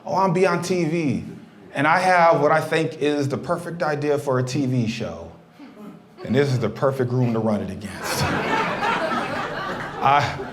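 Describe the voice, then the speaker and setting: Man, stand-up comedian, lively high-pitched delivery, roomy live room, crowd laughing. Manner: loud, animated storytelling with profanity. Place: outdoor brewery stage before a laughing crowd.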